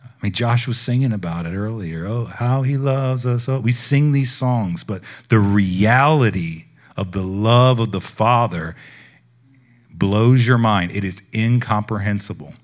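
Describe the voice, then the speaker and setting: A man's voice: lowish voice, a little slow. Man giving a heartfelt sermon testimony. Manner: casual and heartfelt, shifting from hushed to loud. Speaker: preacher.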